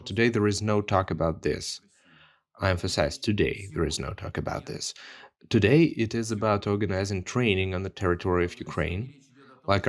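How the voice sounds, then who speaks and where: Deep-voiced man giving an earnest statement. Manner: earnest, emphatic, repeats key points. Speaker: member of parliament. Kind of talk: video statement. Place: recorded separately from the studio.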